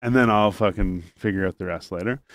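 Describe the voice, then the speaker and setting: Guy ranting about a phone call, lots of swearing, lowish voice, smooth and dry. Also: fairly quick, a bit bright, no room sound. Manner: rambling, profane, acts out both sides of a phone call. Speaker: storyteller in group chat. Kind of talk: casual storytelling to friends.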